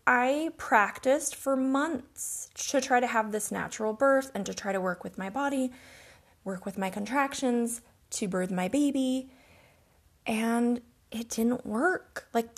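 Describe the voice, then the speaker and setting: Woman, podcast host, personal storytelling, unhurried pace, earnest and emotional. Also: medium pitch, vocal fry.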